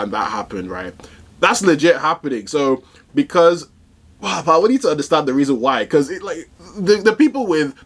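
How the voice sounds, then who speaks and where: A man giving casual, excitable reaction commentary on a manga chapter, rambling with slang and fillers. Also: mid-range voice.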